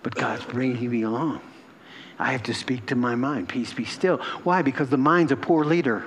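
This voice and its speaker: A pastor preaches to a congregation in a church hall, conversational and emotional, often laughing and repeating himself. His mid-range voice moves at a moderate pace, with a little hiss or hum in the audio.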